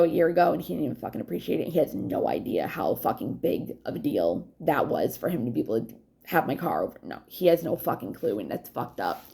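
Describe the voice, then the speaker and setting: Rambling, profane woman with a gravelly voice. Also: lowish voice. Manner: rambling, profane, frank, drifting between stories. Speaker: vlogger. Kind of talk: casual storytelling monologue.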